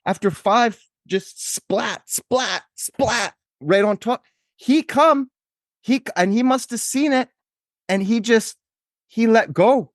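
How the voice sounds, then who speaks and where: A man's voice: very high-pitched, slow, no room sound, studio quality. A man voicing a shocked, foul-mouthed neighbor witness, rambling and repeating himself. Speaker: podcast co-host. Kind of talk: improvised comedy sketch.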